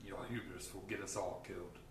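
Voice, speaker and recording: A man's voice: sits low, little pitch movement, fairly quick, background noise, lightly acted. A man playing a cautious, boastful male companion who frets in a live stage improv scene. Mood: fretful. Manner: fussy, theatrical, worried. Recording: echoey theatre, far from mic.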